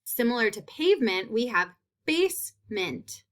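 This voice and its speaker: A woman teacher leads a phonics lesson in a fairly high, very animated voice. She stretches out the sounds and repeats each word slowly.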